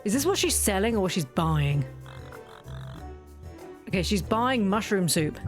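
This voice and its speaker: A woman's voice: mid-range voice, very animated, unhurried, pauses often. A young woman giving casual, rambling, self-deprecating commentary as she plays a video game. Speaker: let's play host. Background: faint game music.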